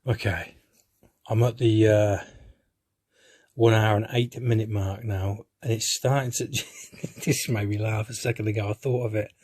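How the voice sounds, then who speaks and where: A man's voice: lowish voice, fairly even intonation, normal speed, long pauses, darkish tone. Rambling, frustrated man. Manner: rambling, hesitant, frustrated, swears casually. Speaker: film reviewer. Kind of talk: live-reaction film review monologue.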